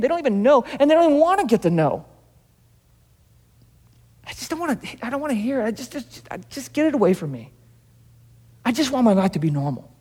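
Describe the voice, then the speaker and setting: Pastor, male, high voice, casual sermon with acted-out dialogue, reverberant hall. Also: a little mellow, breathy edge. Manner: conversational, acts out Bible scenes in dialogue.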